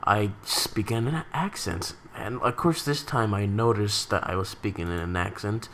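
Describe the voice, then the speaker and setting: A man's voice: fairly low pitch, normal speed, a bit bright, slight background noise. A man hosting a reaction video, chatting casually and rambling with frequent self-corrections as he talks to his viewers.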